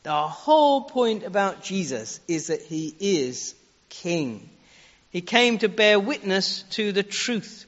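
A man's voice: sits high, sing-song, takes it slowly, fairly bright tone. A man preaching a sermon, earnest, leaning on rhetorical questions and shifting his pace for emphasis. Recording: echoey hall, dull lo-fi sound.

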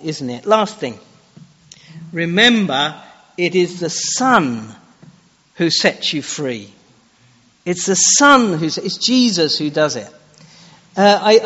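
A man with a high voice preaches a sermon in a church, putting direct, challenging questions to his listeners. His words ring out with a long reverb. The recording is dull and lo-fi. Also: a bit bright.

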